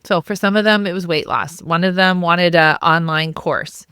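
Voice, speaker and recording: A woman's voice: on the low side, normal speed, bright, forceful tone, clean tone, dry recording, studio quality. A woman hosting a self-help podcast as a life coach, talking in a conversational way with lots of restarts and fillers.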